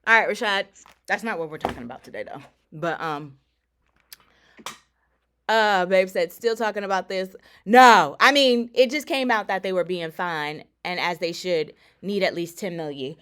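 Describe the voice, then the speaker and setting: A woman hosting a casual talk radio show, animated and sassy, laughing often as she chats with listeners. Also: fairly low pitch, moderate pace, clean tone. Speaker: radio and stream host.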